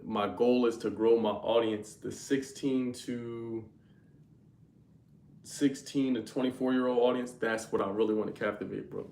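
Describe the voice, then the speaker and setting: A young man hosts a casual livestream, talking to his viewers in loose, slangy language. His voice sits at an ordinary middle pitch. He speaks as if the chat were in the room with him. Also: fairly even intonation, measured pace, darkish tone, roomy sound, a little hiss or hum. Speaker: livestream host.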